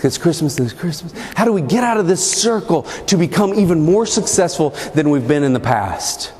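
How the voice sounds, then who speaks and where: A man gives a humorous motivational keynote with punchy comic timing. His fairly high voice swoops up and down as he tells the story. He is heard in a large, echoey hall with faint room noise. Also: expressive, brisk, a little mellow. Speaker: keynote speaker.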